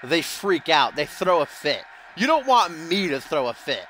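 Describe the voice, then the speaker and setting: A man's voice: a little high, very animated, normal speed, sharp tone, a little hiss or hum. A man voicing an arrogant, boastful male heel wrestler cutting a self-important promo in a video game. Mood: threatening.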